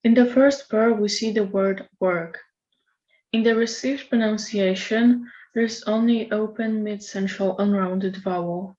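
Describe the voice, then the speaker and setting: A woman presenting a recorded lecture in a measured, explanatory way. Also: medium pitch, fairly even intonation, darkish tone. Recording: slightly dull lo-fi recording.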